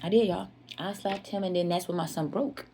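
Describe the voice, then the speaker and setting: Against a noisy background, a woman with a voice on the low side talks a little fast, candidly confessing a personal story to her viewers in earnest. She repeats herself for emphasis and keeps addressing them as "y'all."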